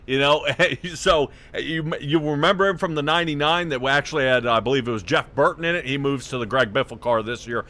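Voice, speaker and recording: A man's voice: medium pitch, a little fast, hardly any pauses, bright, forceful tone. A man doing casual, chatty play-by-play for a sim racing broadcast, often trailing off and laughing.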